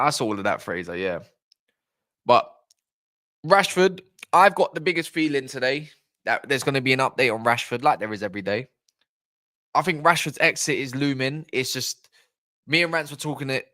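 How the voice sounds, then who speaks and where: A man's voice: mid-range voice, bright, forceful tone, dry recording, clean studio sound. A man hosting a football fan channel, chatting casually on a live stream in a blunt, rambling way and swearing freely.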